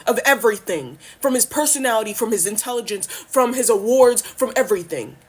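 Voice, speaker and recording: A woman's voice: a little high, lively intonation, brisk, breathy edge. A woman in a heated, profane rant, arguing hard against an imagined opponent. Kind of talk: heated social media rant.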